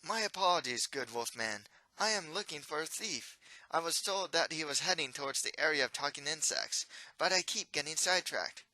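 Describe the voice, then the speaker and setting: A man's voice: a little high, animated, moderate pace, bright, forceful tone, no room sound, voice pushed up, poor audio. A man voicing a naive, polite young prince who speaks formally and earnestly, in a storybook reading.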